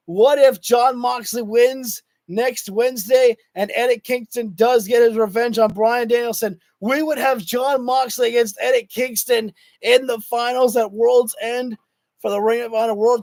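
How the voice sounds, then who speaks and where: A man hosting a wrestling livestream who talks casually to his chat, rambling and excitable with lots of fillers, and is losing his voice. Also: very high voice, dry recording. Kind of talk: casual live commentary to chat.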